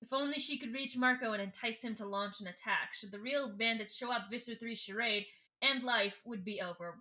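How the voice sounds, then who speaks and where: A chatty woman hosting a book podcast, recapping the plot with excitable asides. Her voice is bright and sits a little high. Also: a little fast. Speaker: podcast host.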